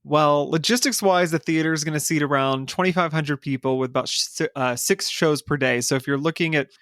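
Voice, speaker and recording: A man's voice: fairly high pitch, fairly quick, a bit bright, no echo, clean studio sound. A man hosting a casual podcast, walking through a show concept with dramatic storytelling narration. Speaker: podcast host pitching a concept.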